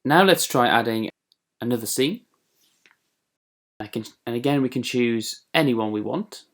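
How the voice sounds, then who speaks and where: In an unhurried, mid-range voice, a man teaches children writing in an online classroom lesson video. His manner is friendly and explanatory, with plenty of fillers.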